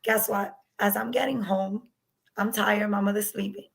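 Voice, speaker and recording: An interview guest recounts her own experience candidly, acting out past conversations as she tells her personal story. Her mid-range voice is fairly even and creaky at normal speed, and the audio quality is poor.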